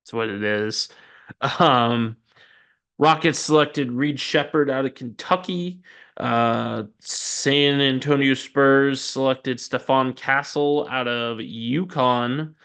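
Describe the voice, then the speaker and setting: A man hosting a relaxed sports news podcast, speaking at an unhurried pace in a mid-pitched voice. His tone is smooth and clear, and he fills the gaps with ums and wry asides at his own expense. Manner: chatty and self-deprecating, frequent ums and asides. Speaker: podcast host. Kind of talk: casual sports news roundup.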